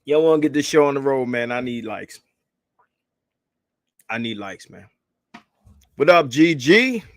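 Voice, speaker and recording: A man hosting a casual livestream, hyped and profane, calling out shout-outs to viewers and begging for likes. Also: mid-range voice, animated, a little slow, dry recording. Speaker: livestream host.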